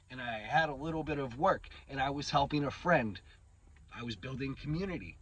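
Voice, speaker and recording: Husky man in his 30s, channel host, candid and unpolished, some swearing, on a dull lo-fi recording. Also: mid-range voice, fairly bright tone. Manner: candid, swears casually, halting restarts. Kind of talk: reflective personal monologue.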